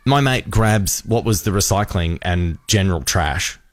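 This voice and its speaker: Deep-voiced man telling an animated story. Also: unhurried, no room sound, clean studio sound. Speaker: radio host. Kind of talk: storytelling on radio chat.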